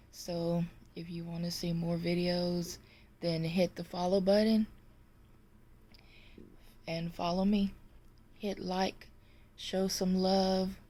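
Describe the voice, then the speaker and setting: Slow-telling woman. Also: on the low side, mellow. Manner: slow, drawn-out delivery. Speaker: storyteller. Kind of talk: telling a joke to camera.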